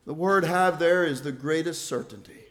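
An older man preaches a sermon at normal speed, working up to loud, emphatic phrases before falling back to a quiet, low delivery.

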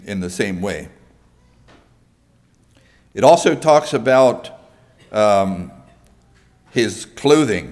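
A man preaching a sermon in a conversational way, pausing often and asking the congregation questions. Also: on the low side. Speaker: pastor.

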